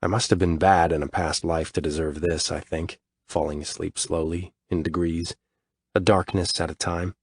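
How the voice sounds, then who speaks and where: A man's voice: low-pitched, fairly even intonation, moderate pace, slightly rough, dry recording. A man narrating a story in first person, weary and grumbling, with frequent swearing. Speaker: audiobook narrator.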